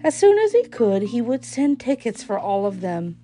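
A woman reading a children's storybook aloud in a slow, expressive way. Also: on the high side, faint music behind.

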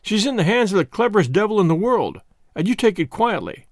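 A man voicing a hoarse, frantic young gentleman. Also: high-pitched, very animated, fairly quick, no echo, clean studio sound. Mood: despairing. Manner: anguished, cursing outbursts.

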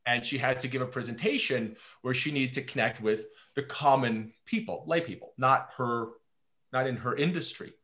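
A man's voice: medium pitch, normal speed, pushed and bright. Guy telling work stories on a podcast, medium voice, stumbles and repeats words a bit. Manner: anecdotal, repeats words when starting sentences. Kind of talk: casual podcast chat.

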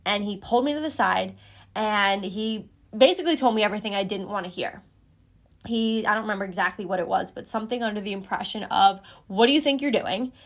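A woman's voice: medium pitch, fast, fairly bright tone. A woman in her twenties frankly telling a personal story as a podcast host, casual and swearing freely.

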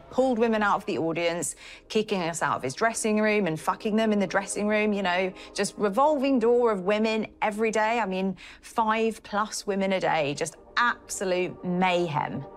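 A woman in a documentary interview, recounting her experience haltingly with many "like"s and "you know"s. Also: mid-range voice.

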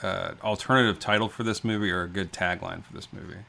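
A man's voice: sits low, steady tone, fast talker, creaky, bright, forceful tone. A man co-hosting a casual movie podcast, asking questions and teasing his partner in easy banter. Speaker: podcast co-host. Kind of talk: casual chat.

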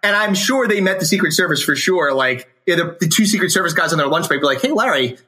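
A man's voice: fairly high pitch, fast talker, pushed and bright. A man co-hosting a podcast, reacting to clips with profane jokes, laughing often and slipping into mock voices. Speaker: podcast co-host. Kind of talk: casual comedic commentary.

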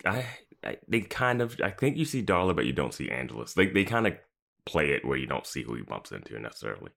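A man with an extremely deep voice and lively pitch swings muses through questions. His casual podcast chat is often broken by laughter. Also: quick pace, gravelly. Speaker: podcast co-host.

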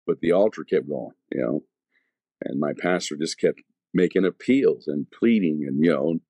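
A man's voice: rumbling low, moderate pace, mellow, slightly rough, dry recording. A man, an evangelist, telling his conversion testimony in casual, slangy talk full of fillers and restarts.

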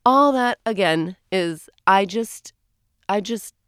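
A woman's voice: mid-range voice, lively intonation, takes it slowly, a bit bright, no echo, clean studio sound. A woman in her forties co-hosting a podcast, chatting in a rambling way that often breaks off mid-thought, recorded alone in a small closet at home. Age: 40s. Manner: rambling, chatty, self-interrupting. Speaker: podcast co-host. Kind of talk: casual solo chat.

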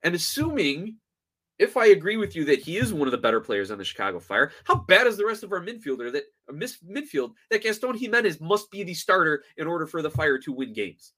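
A man's voice: on the high side, very animated, brisk, sharp tone. A man hosting a sports podcast, ranting in a frustrated, sarcastic and emphatic way. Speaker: podcast host.

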